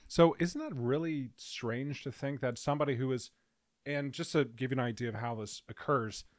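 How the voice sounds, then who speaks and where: A man co-hosting a casual podcast chat, explaining at length and reading quotes aloud slowly. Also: medium pitch, no echo, clean studio sound. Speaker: podcast co-host. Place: podcast recording room.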